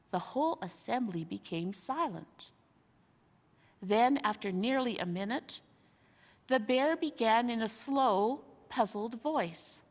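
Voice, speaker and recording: A woman reading a children's novel aloud, in an expressive storytelling manner. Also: on the high side, takes it slowly. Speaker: reader. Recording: long hall reverb.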